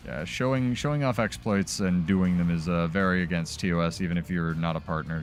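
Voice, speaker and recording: A man's voice: sits low, fairly even intonation, quick pace, hardly any pauses, faint music behind. A man talking casually as a streamer during live gameplay, loose and chatty with many fillers.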